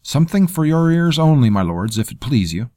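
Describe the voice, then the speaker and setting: A man's voice: on the high side, very animated, brisk, dark tone, dry recording, studio quality, voice pushed up. Man voicing soldier sergeant, deferential, urgent, raised voice. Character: urgent, common-spoken male soldier sergeant.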